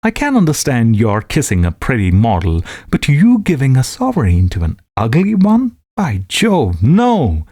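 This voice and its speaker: Man voicing a jovial teasing painter, hearty, emphatic, raised animated voice. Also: medium pitch, measured pace, few pauses, dry recording, clean studio sound, pitched above the performer's own voice. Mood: amused.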